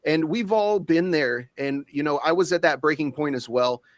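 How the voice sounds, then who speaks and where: A man co-hosting a livestream over a video call, talking in a relaxed, supportive way with many fillers. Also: on the high side, normal speed, no echo, clean studio sound. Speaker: co-host.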